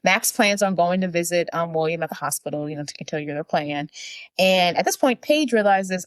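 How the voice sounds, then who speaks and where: Podcast co-host, young woman, low voice, dry close sound, chatty plot recap with bits of character voices. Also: animated, a little fast, clean tone, no room sound. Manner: chatty, acts out characters' lines while retelling. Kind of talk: casual movie recap.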